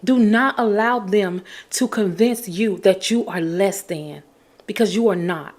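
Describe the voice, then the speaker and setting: A woman's voice: mid-range voice, a little slow, a little mellow. A woman hosting a podcast, talking in an emphatic, encouraging way and repeating her key phrases. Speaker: podcast host. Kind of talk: casual motivational talk.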